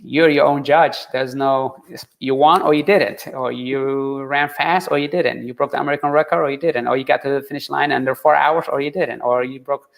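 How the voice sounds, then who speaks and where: A man telling his story in an interview, earnest and halting, with many fillers and restarts. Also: mid-range voice, steady tone, creaky. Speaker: interview guest, marathon runner. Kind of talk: conversational interview.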